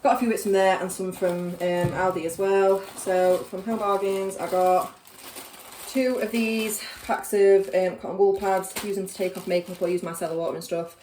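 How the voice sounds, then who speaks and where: A woman's voice: medium pitch, flat delivery, moderate pace, mellow, roomy sound, a little hiss or hum. A young woman, chatting casually to camera in a rambling vlog, full of fillers and asides. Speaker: vlogger. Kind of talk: casual chat.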